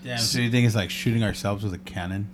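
A man's voice: on the low side, fairly even intonation, quick pace. A podcast co-host man in casual chat, speculating loosely and swearing casually.

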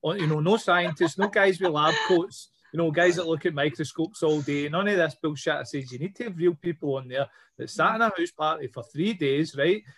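A man's voice: a little high, a little fast, few pauses, fairly bright tone, no echo. A man hosting a podcast, talking in blunt, sweary banter. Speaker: podcast host. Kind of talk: casual chat.

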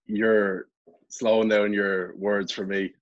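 A man's voice: lowish voice, flat delivery, slow, muffled recording, a little hiss or hum. A man in his twenties with an Irish accent, a guest talking in a laid-back, casual way with some swearing, heard over a video call. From Ireland. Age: 20s.

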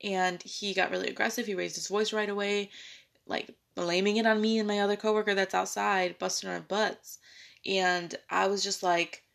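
A young woman recounts a story from her working life in a relaxed, conversational way. Her pitch climbs and swings as she acts out the people she quotes, which makes her telling lively. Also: moderate pace, gravelly. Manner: animated, acts out quoted dialogue. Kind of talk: casual storytelling.

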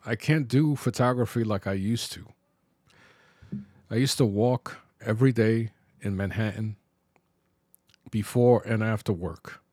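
A middle-aged man from New York talking alone on his podcast, reflective and halting, pausing and restarting as he loses his thread. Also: on the low side, a little mellow, dry recording, studio quality. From New York, Bronx. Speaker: podcast host. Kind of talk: personal podcast monologue.

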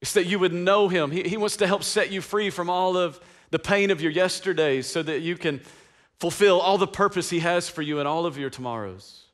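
A man's voice: high-pitched, a little fast, hardly any pauses. A male pastor from East Tennessee, preaching an Easter sermon with passion and call-and-response. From East Tennessee, USA.

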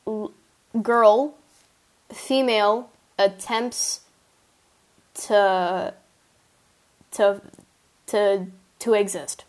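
Young woman, podcast host, slow unhurried delivery, casual story reading, chatty and self-mocking, giggly asides. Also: medium pitch, steady tone, a little mellow.

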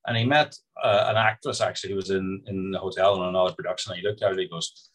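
A man's voice: deep voice, steady tone, fast talker, a bit bright. An Irish man, a film producer, co-hosting a casual podcast, rambling through anecdotes with stammering restarts.

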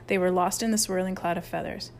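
A woman's voice: on the low side, fairly even intonation, fast, creaky, darkish tone, a little hiss or hum. A woman narrating a children's chapter book aloud, reading expressively. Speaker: audiobook reader. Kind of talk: storybook narration.

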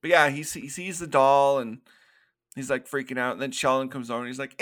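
A man with a bright, forceful voice co-hosts a casual podcast. He walks through film scenes and breaks into quick acted-out quotes, laughing often as he goes. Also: mid-range voice, fairly even intonation. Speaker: podcast co-host. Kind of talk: casual movie recap chat.

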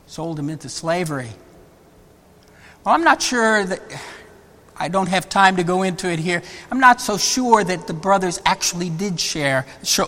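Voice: medium pitch, a bit bright. A preacher giving a sermon, often repeating words and restarting phrases. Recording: long hall reverb.

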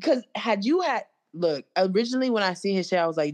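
A young woman co-hosting a casual chat, talking in an animated, slangy and blunt way. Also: medium pitch, fast. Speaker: co-host.

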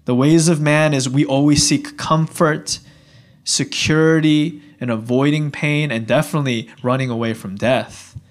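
A man's voice: fairly high pitch, moderate pace. A young man preaching a sermon in a casual, conversational way, often acting out what people would say. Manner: animated, conversational, acting out dialogue. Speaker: pastor.

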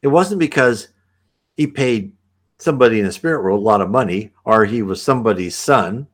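Lowish man reading aloud with asides. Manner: alternates formal reading with animated, halting explanation. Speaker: reader and commentator. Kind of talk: reading a spiritual book aloud with commentary.

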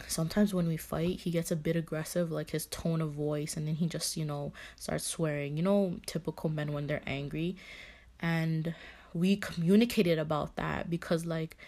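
A woman's voice: low-pitched, darkish tone. A young woman giving casual relationship advice, blunt, swearing often, and padding her talk with fillers.

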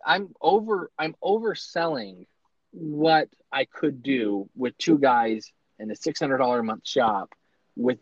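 A man, a small business owner, telling his story in casual, animated talk with lots of fillers and restarts. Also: mid-range voice, no room sound. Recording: dry, slightly dull lo-fi sound.

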